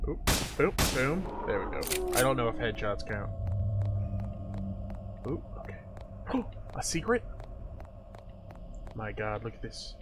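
A man's voice: medium pitch, expressive, unhurried, pauses often, very noisy. A man commenting on a horror shooter as he plays, reacting in jumpy exclamations and laughs. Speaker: gamer playing a horror shooter. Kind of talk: let's play commentary. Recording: game music playing behind.

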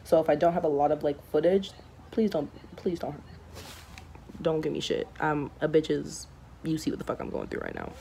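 A young woman with a slightly low voice vlogs straight into her phone. She rambles candidly and swears freely. Faint noise hums under her voice. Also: very animated, normal speed, vocal fry, mellow. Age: young adult. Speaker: vlogger. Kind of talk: casual handheld vlog to camera. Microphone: handheld phone camera.

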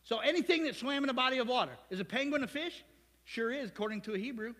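A male pastor from Ohio preaching a sermon in a church, lively and conversational, with asides to the congregation. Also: extremely high pitch, quick pace, in a large hall. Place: church sanctuary.

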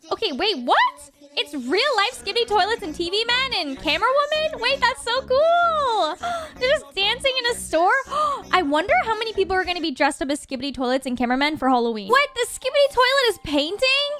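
Very high-pitched gasping woman reacting. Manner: gasping, gushing, quick exclamations. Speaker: reaction video host. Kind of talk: excited reaction commentary.

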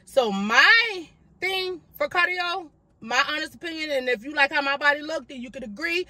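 A woman's voice: high voice, lively intonation, moderate pace, pushed and bright, no echo. A young woman, chatting sassily to viewers at home and calling them girl and baby. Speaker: fitness vlogger. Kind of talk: casual talking-head vlog.

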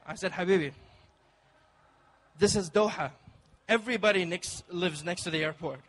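A man's voice: high-pitched, moderate pace, fairly bright tone, a little hiss or hum. A man from Dubai performing a stand-up comedy set with punchy, playful crowd work on a club stage.

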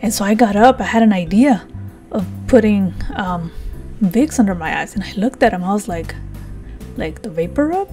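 A woman's voice: medium pitch, normal speed, warm tone, faint music behind. A woman vlogger casually telling a rambling, self-mocking story, laughing as she goes.

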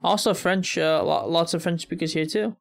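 American male reactor, slightly high gravelly voice, rambling musing commentary. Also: steady tone, moderate pace. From United States. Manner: musing aloud, chuckling often, thinking out loud with fillers. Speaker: reaction video host.

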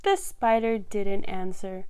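A woman reads a picture book to small children in an unhurried, sing-song voice. She takes her time over each line and lifts her voice high for the animal calls. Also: sing-song, clear, resonant tone. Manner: bright, sing-song storytelling with animal sounds. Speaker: children's story reader. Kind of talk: picture book read-aloud.

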